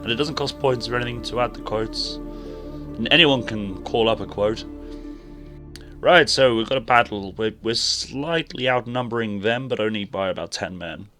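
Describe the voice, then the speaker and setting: A man's voice: fairly low pitch, normal speed, bright, forceful tone. A man with a sore throat and a fading voice, chatting casually with his viewers while streaming a game. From England. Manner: chatty, rambling, talks to chat while playing. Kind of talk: casual live-stream gaming commentary. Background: background music.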